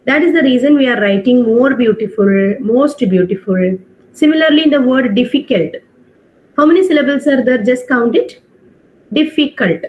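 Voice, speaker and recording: High-voiced woman teaching online. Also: animated, moderate pace. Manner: patient, explaining step by step with checking questions; mixes Hindi phrases into English. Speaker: English teacher. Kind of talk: online class lecture. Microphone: video call. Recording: dull online-class audio.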